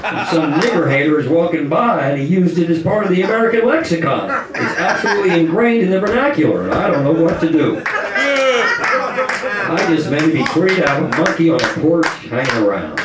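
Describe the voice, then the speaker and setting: A stand-up comic, delivering manic, profane rants, often shouting and laughing. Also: male voice, on the high side, animated, brisk, recorded from a distance. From New York. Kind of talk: stand-up comedy. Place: comedy club. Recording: roomy club recorded from afar with crowd.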